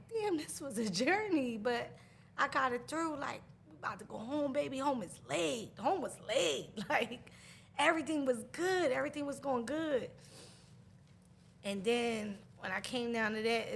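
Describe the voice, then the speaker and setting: Woman telling a raw grief story, gravelly voice, faint hiss behind, halting with nervous laughs. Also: on the high side, bright, forceful tone. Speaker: guest. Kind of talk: emotional personal storytelling.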